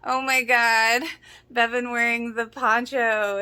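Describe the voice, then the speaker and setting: Excitable woman gushing over a TV episode. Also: fairly high pitch, takes it slowly, clear, resonant tone. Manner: excitable, gushing, laughs often. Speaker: podcast host reacting to a TV episode. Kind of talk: casual reaction commentary.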